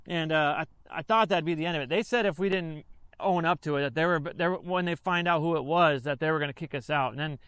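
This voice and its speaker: An army veteran recounts a training story in a loose, rambling way, circling back and correcting himself as he goes. His voice sits high and sounds smooth and clear. The recording is dry and close. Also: fast talker, a bit bright, no echo. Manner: rambling, filler-heavy, self-correcting. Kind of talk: casual storytelling.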